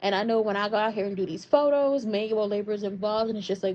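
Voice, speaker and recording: A woman's voice: medium pitch, steady tone, quick pace, darkish tone. A woman hosting a soap opera recap in casual commentary, sassy and slangy as she tells stories. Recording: dull lo-fi sound.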